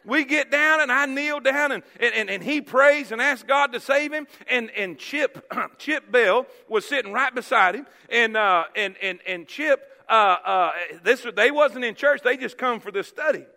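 Male pastor, high-pitched and bright, emphatic storytelling sermon with a long church reverb. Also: a little slow, gravelly, hardly any pauses. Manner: storytelling, emphatic, repeats words. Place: church sanctuary.

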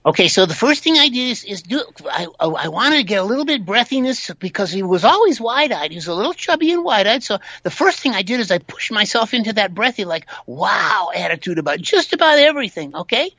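A man voicing a chubby, wide-eyed boy in a breathy, awed way. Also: high-pitched, sing-song, fairly quick, hardly any pauses, sharp tone, no echo, dull audio, voice pushed up, heavily acted. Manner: wide-eyed wow attitude.

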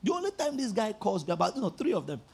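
A male pastor preaching with an unusually high, gravelly voice that has a husky edge. His pitch swings widely as he tells stories and acts out conversations. At his most emphatic he breaks into shouts. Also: fast talker. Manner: animated storytelling, acting out phone conversations. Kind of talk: sermon.

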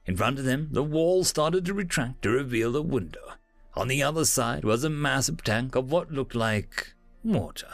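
A man narrating science-fiction stories in a scripted, animated storytelling manner. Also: medium pitch, moderate pace, no echo, faint music behind.

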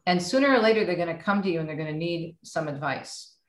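A middle-aged woman, a radio host, chatting with warm encouragement in a casual podcast conversation. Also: on the low side, fast talker. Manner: warm, animated and encouraging, speaks of faith. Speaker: radio host and author guest. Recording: roomy echo.

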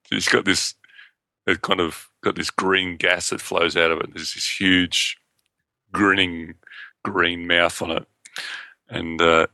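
A man's voice: sits low, creaky, bright, forceful tone, no echo. A man co-hosting a podcast, chatting enthusiastically with frequent laughs. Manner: enthusiastic, laughs often, quick asides. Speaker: podcast co-host. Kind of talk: casual chat.

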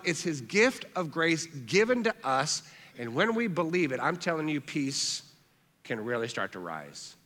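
A man preaching a sermon as pastor, earnest, repeating phrases for emphasis and dropping soft on key words. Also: a little high, very animated, unhurried, in a large hall.

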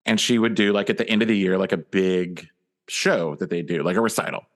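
Low-voiced man telling a dry story. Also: steady tone, a little fast. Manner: dry, self-deprecating storytelling. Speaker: improv comedy podcaster. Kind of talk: casual storytelling.

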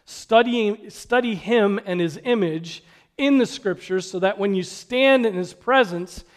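Male preacher with a high voice, earnest sermon delivery, rhetorical questions, hushed emphasis. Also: measured pace. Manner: drops to a hush for emphasis.

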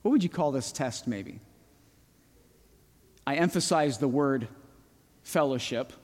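A man preaching a sermon slowly and emphatically, often asking the congregation questions. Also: medium pitch, expressive, a little mellow. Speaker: pastor. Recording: long hall reverb.

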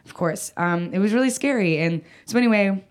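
A woman's voice: mid-range voice, animated, brisk. A woman telling a personal story in casual chat, rambling, full of "like" and "um", with frequent restarts and casual swearing.

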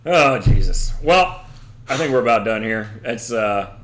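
A man's voice: on the low side, lively intonation, measured pace, fairly bright tone. A man co-hosting a comedy podcast, joking in casual banter. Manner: joking, laughing, wry. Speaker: podcast co-host.

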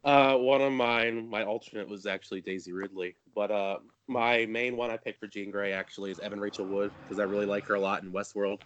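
A man's voice: fairly low pitch, brisk, few pauses, dry recording, dull audio. Chill guy on a movie podcast, kinda joking, dry mic. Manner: relaxed, joking, hedging with "I guess". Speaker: podcast guest. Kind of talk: casual chat.

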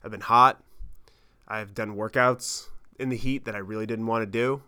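A man in his thirties telling a travel story on his podcast, animated and rambling, with lots of swearing and fillers. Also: on the low side, normal speed, clear, resonant tone. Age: 30s. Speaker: podcast host. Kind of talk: casual storytelling monologue.

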